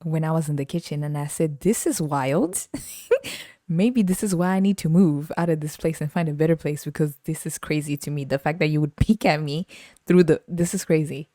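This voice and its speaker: Chatty young woman with a low voice. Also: a little fast, no room sound, clean studio sound. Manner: laughs often, animated retelling with quoted voices. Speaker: podcast host. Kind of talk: casual solo storytelling.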